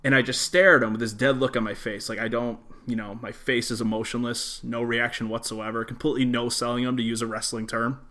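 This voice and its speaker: A man co-hosting a casual podcast, telling dry, deadpan work stories and ranting about small talk. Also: mid-range voice, fairly quick, hardly any pauses. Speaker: podcast co-host. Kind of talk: casual storytelling.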